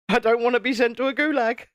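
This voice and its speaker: A man's voice: very high-pitched, fairly bright tone, dry recording, studio quality. A man from the United Kingdom hosting a casual live stream, joking and reading out viewer comments while building. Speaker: YouTube channel host.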